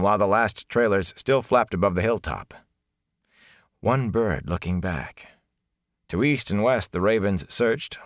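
A man narrating a fantasy audiobook in a steady, measured storytelling voice. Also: low-pitched, no echo, clean studio sound.

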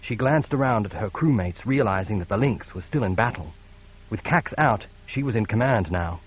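A man narrating a science fiction audiobook in a measured, steady read. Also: lowish voice, slightly rough, highs cut off. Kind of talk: scripted narration.

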